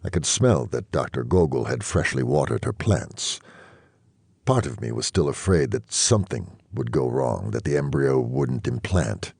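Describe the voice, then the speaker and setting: A man reading a novel aloud in first-person narration, measured and even. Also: extremely low pitch, gravelly, husky, no room sound. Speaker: audiobook reader.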